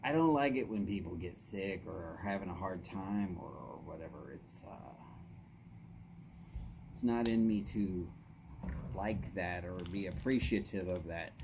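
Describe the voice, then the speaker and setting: A man's voice: low voice, a little slow, vocal fry, noisy background. A man, casually chatting with viewers on his live stream, greeting them by name in an easy drawl. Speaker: livestream host. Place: outdoors at his house.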